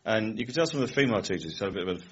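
A man's voice: on the low side, expressive, rapid-fire, husky. A middle-aged man, a chat-show guest, telling rambling anecdotes and laughing often. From England. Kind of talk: casual chat-show interview. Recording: dull lo-fi recording.

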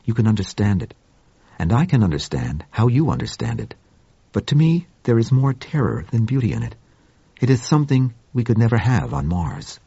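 A man voicing a gentle, furry male Martian with a soft, sibilant, formal way of speaking, in an audiobook reading. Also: medium pitch, sing-song, vocal fry, breathy edge, no room sound, muffled recording, exaggerated voice. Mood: calm. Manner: measured, formal speech.

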